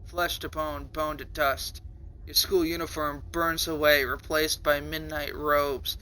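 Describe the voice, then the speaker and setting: A young male streamer with a bright, forceful voice reads a story aloud on stream and stops often to react. He swears freely, and he breaks into high, panicked cries when the story gets wild. His voice sits a little above the usual male range. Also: flat delivery, measured pace, slight background noise.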